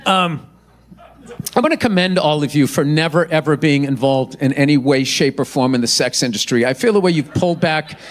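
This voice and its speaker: A man's voice: fairly high pitch, fairly quick. A man performing a profane, mocking stand-up comedy rant at a live show. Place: live comedy venue with audience.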